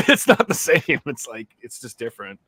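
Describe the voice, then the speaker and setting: A man's voice: fairly high pitch, moderate pace, breathy edge, dry recording. A man co-hosting a podcast, chatting casually and laughing easily. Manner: animated, laughs a lot. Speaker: podcast co-host. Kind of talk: casual chat.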